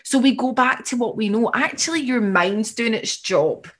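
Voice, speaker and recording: A woman's voice: fairly high pitch, moderate pace. A woman, coaching someone through a reflective conversation and voicing their inner thoughts.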